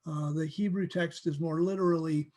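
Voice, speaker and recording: A man teaching from the Bible in a casual, animated way, acting out verses and laughing often. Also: a little high, normal speed.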